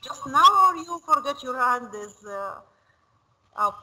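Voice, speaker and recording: A woman teaching French to a primary class, repeating words slowly to drill pronunciation. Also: high voice, lively intonation, heavy background noise. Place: school classroom.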